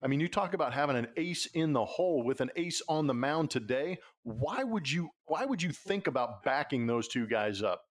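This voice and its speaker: A man's voice: a little high, lively intonation, moderate pace, hardly any pauses. A man, a former pro player, co-hosting a sports podcast in easy, conversational chat. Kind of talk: casual sports talk.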